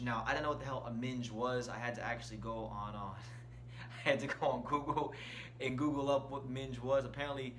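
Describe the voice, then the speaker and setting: His tone is steady, mid-range and a bit bright, and he speaks a little fast over a faint hiss or hum. He runs a casual boxing channel, offering opinionated takes and emphasizing key words from an indoor room decorated with shirts on the wall.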